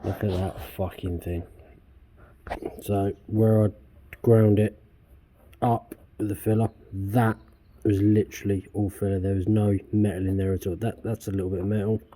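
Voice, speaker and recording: A man's voice: fairly low pitch, little pitch movement, moderate pace, mellow. A man restoring a car in his workshop vlog, ranting angrily with heavy swearing. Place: garage workshop.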